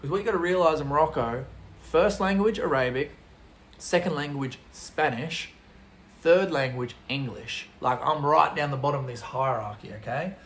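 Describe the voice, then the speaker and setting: An Australian man spins a travel yarn in loose slang and casual swearing, his voice sitting a touch high. The room adds a noticeable echo, with faint ambient noise underneath. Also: normal speed, a bit bright. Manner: swearing, laid-back slang. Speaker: travel vlogger. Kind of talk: animated storytelling. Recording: roomy echo.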